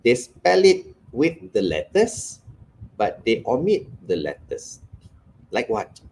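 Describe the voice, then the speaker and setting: A middle-aged man, an English trainer giving a lively workshop lecture with Malay asides. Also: medium pitch, takes it slowly, creaky, rough recording. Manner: animated teaching, switching into Malay asides.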